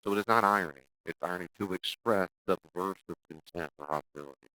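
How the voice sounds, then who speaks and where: A man with a very low voice, recorded dry and close, teaches a church class as its pastor. He talks directly and casually, often restarting his sentences, and breaks into exaggerated voices when he acts out what people say. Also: fast, no echo, rough recording. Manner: lively, acts out quoted speech in exaggerated voices; direct, conversational, with frequent restarts.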